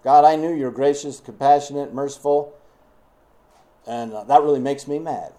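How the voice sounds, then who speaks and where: A man's voice: medium pitch, steady tone, moderate pace, warm tone, natural voice. A man preaching voices a resentful male prophet in a mocking, exaggerated way. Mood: petulant.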